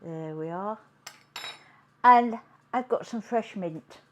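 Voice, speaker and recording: Slow, chatty woman cooking at home. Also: mid-range voice, a little mellow, highs cut off, slight background noise. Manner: chatty, unhurried, talks while working. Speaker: cooking show host. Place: home kitchen.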